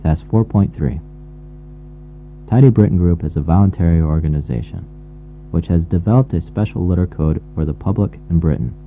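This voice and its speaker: A man reading textbook task instructions in a formal, deliberate way. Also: low voice, gravelly, dark tone, slight background noise, low-quality recording. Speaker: course announcer.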